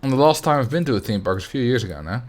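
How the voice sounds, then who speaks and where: A man's voice: medium pitch, animated, rapid-fire. A young man from the Netherlands, chatting casually on a game livestream, laughing often and muttering to himself as he builds. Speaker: game streamer.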